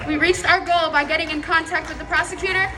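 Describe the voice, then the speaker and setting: A woman's voice: very high-pitched, fairly even intonation, fast, sharp tone, faint music behind. A young woman protest organizer giving an earnest, slightly nervous but determined rally speech outdoors.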